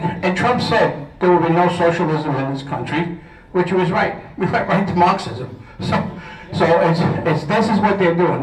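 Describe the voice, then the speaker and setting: A man's voice: high voice, a little hiss or hum. A man with a Brooklyn accent, out of breath, giving a blunt, rambling speech to a crowd and laughing often. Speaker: speaker at a political social. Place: event hall. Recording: echoey room, from far off.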